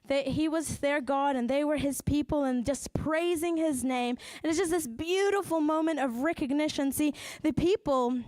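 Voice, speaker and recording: A woman with a New Zealand accent preaching a sermon in church, telling the story with lively asides and acting out the voices of the people in it. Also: high-pitched, normal speed, few pauses, dry recording.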